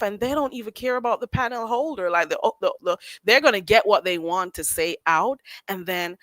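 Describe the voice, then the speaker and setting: A woman hosting a livestream, chatting in a sassy, animated way and laughing often. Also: mid-range voice, fairly quick, hardly any pauses, no room sound. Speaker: livestream host. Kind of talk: casual commentary chat.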